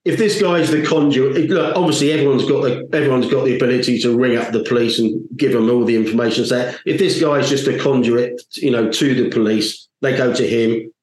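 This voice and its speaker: A man's voice: medium pitch, steady tone, a little fast, hardly any pauses, a little mellow. Blunt, jokey man in an echoey room. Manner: blunt, jokey and opinionated, swears. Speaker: panelist. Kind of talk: casual panel chat.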